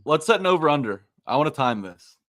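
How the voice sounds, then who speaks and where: A man's voice: fairly high pitch, big pitch swings, fast, a bit bright, no room sound, studio quality. A man co-hosting a live sports podcast, talking animatedly and hyping up the live chat. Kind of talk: casual live-stream chat.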